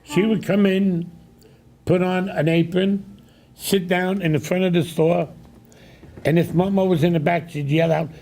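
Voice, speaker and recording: Older New man, talk host, animated storyteller, voice on the high side. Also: a little slow, gravelly, pauses often. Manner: lively storyteller, loud impressions of shouting. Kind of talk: casual chat, storytelling.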